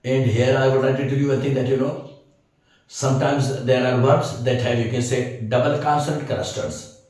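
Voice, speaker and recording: A man's voice: mid-range voice, steady tone, normal speed, darkish tone. A man teaching an English grammar lesson, hesitating often with fillers and checking that listeners understand. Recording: very echoey room, mic far off.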